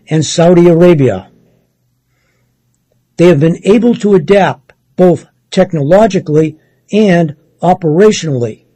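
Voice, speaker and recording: A man reading a news article aloud in a measured, steady way, sometimes stopping to correct himself. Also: on the high side, husky, no echo, poor audio. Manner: measured, steady read with occasional self-corrections.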